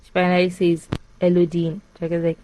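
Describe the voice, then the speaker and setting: A young woman casually retelling a film plot as a podcast host, animated and full of fillers. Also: lowish voice, moderate pace, slight background noise, rough recording. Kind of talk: casual chat.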